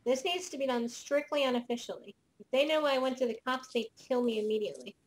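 A woman voicing a paranoid male janitor informant in a tabletop game, speaking in hushed, urgent confessions. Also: high-pitched, expressive, fast, poor audio. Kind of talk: tabletop role-play as game master.

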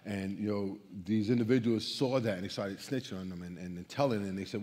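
A man's voice: on the low side, fairly quick, hardly any pauses, darkish tone. Man preaching in a long-reverb church hall. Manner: conversational storytelling with many restarts and repeated words. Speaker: guest preacher. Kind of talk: sermon. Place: church stage.

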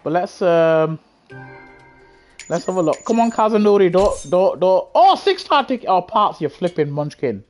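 A young British man chatting excitably to his live chat while playing a racing game on a headset mic. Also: high voice, unhurried, soft background music. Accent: British English. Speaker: gaming livestreamer. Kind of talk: casual live gameplay commentary. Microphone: gaming headset.

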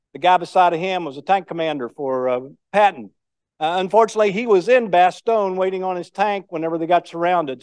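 A man's voice: fairly high pitch, a little mellow, clean tone, no room sound. An older man giving a speech, telling war stories in a folksy, anecdotal way. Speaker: guest speaker. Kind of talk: storytelling speech.

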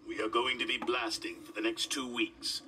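A man's voice: mid-range voice, little pitch movement, normal speed, far from the mic, noisy background, lightly acted. A man voicing a stern, important male railway boss who speaks in a firm, official way.

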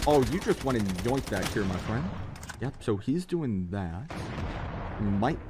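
A man giving jokey, excitable live commentary while playing a mobile shooter game. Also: medium pitch, unhurried, noisy background. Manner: excitable, jokey, keeps exclaiming in alarm. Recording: loud game gunfire behind. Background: game gunfire and explosions.

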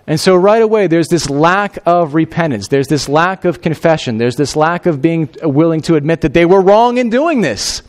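A male pastor preaches in a loose, chatty way, full of "you know" and "I mean". His voice sits fairly high, and he swings from excited highs to quiet, low lines as he retells a story. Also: normal speed, few pauses. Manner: conversational and animated, with fillers. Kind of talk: sermon.

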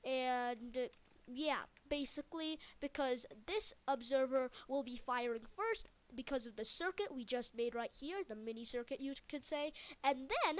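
A woman with a high voice talks through a casual game tutorial as she builds. She rambles and jokes, trips over her words, and fixes herself on the fly. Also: moderate pace. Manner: rambling, jokey, many fillers and self-corrections. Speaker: video game tutorial maker.

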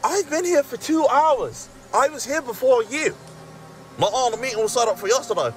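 A man voicing a crude, whiny male cartoon Spider-Man in a wheelchair, bickering and sarcastic in an animated comedy sketch. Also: very high voice, moderate pace, slight background noise. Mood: annoyed. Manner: foul-mouthed, bickering, sarcastic.

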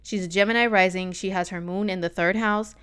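A woman's voice: mid-range voice, fairly even intonation, brisk, a bit bright, smooth. A woman talking casually on a vlog, giving a chatty, sassy astrology reading full of slangy asides.

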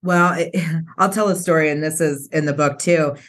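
A woman's voice: low voice, normal speed. A middle-aged woman, a real estate agent and author, telling candid stories in an interview. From Colorado. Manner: candid, animated storyteller. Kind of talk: storytelling in interview.

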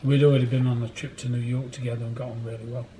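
Rapid-fire and flat in delivery, this mid-range male voice has a warm tone and a bit of hiss or hum behind it. The speaker is a record collector in a record warehouse interview who rambles through stories, laughs as he tells them, and imitates others' voices.

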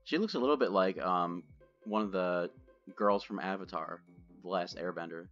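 A man's voice: sits low, moderate pace, fairly bright tone. A man hosting a gaming channel, chatting loosely and joking as he plays. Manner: chatty, loose, swears and jokes. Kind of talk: casual gameplay commentary. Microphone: desk microphone. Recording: dull lo-fi with game music.

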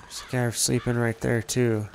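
A man's voice: medium pitch, level tone, moderate pace, vocal fry, slight background noise. A man giving casual gameplay commentary, laid-back and profane, muttering to himself. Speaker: gamer.

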